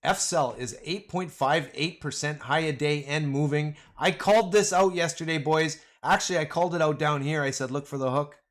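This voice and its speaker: A man's voice: on the high side, moderate pace, hardly any pauses, a bit bright. A man hosting a casual livestream, rambling and joking, often calling his viewers "man" and "boys". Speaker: livestream host.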